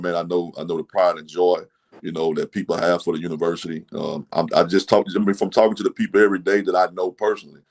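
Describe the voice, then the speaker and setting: A man from Mississippi, a football coach, talking plainly and relaxed as a podcast guest, with a country-boy manner and many fillers. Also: deep voice. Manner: plainspoken country talk, relaxed, lots of "man" and "you know". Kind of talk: casual podcast interview.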